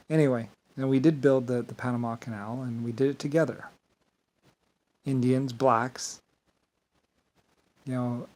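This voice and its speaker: A man's voice: mid-range voice, darkish tone, poor audio. Male vlogger, rambling grandiose monologue, swears freely, mid-range voice.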